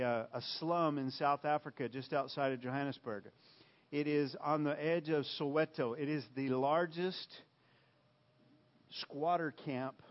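A man preaching a sermon, emphatic and repetitive, swinging from loud bursts to hushed lines. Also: a little high, muffled recording. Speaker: pastor.

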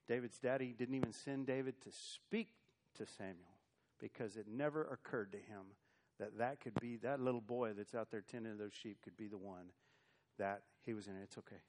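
A man's voice: lowish voice, normal speed, darkish tone, slight background noise. Man preaching with rising intensity. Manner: preaching with rising and falling intensity, quoting scripture. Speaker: pastor. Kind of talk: sermon.

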